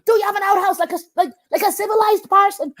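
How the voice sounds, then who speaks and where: A woman voicing a tiny, indignant male fairy man who scolds in a squeaky voice. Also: steady tone, quick pace, a bit bright.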